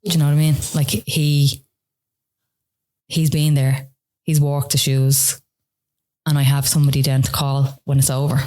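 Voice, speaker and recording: As a podcast interview guest, an Irish woman recounts her own story emotionally and haltingly, with lots of "like" and "you know." Her voice is extremely low-pitched, level, and warm.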